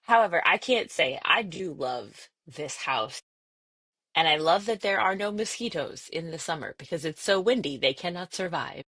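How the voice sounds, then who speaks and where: A woman co-hosting a casual chat podcast, an animated storyteller who acts out other people's voices. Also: on the low side, moderate pace, slightly rough. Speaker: podcast co-host. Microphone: podcast recording.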